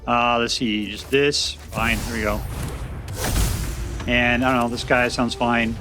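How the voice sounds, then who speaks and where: A man giving casual, chatty commentary on a card game he is playing, thinking out loud with restarts and bursts of excitement. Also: mid-range voice, measured pace, over music. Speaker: game streamer. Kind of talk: casual gameplay commentary and deck review.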